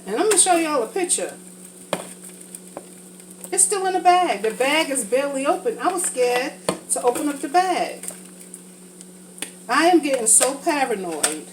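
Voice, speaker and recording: A woman vlogs while cooking, talking casually and frankly as she rambles from one thought to the next. Her slightly high voice sounds a little congested from a sinus infection. Background noise is audible.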